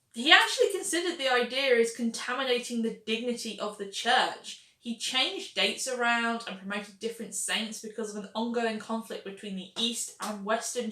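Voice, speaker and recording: A woman's voice: medium pitch, fairly bright tone, echoey room. A woman hosting a history video, narrating facts with wry, sarcastic asides.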